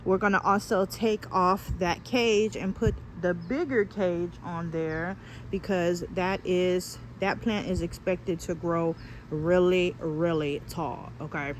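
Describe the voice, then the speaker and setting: A woman's voice: lowish voice, steady tone, slow. Chatty woman vlogging with background noise. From California, USA. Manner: chatty, folksy, calls viewers y'all and child. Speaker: gardening vlogger. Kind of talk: casual vlog chat to camera. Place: store aisles and outdoor garden.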